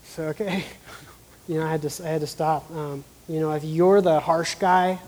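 A man sharing his own reflections in a soft-spoken way during a teaching talk. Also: on the high side, fairly even intonation, moderate pace, in a large hall, rough recording. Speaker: co-speaker. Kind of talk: sermon discussion.

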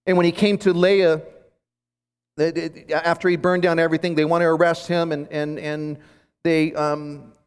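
Male conference preacher, slightly raised pitch, lively halting delivery, long hall echo. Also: smooth. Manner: animated storytelling with frequent restarts. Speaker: conference speaker teaching scripture. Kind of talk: sermon.

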